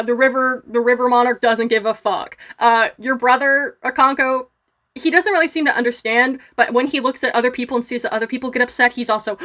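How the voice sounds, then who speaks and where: A woman narrating as game master in a casual way, with lots of "um" and quick scene-setting. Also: a little high, a bit bright. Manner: casual, many fillers, brisk scene-setting.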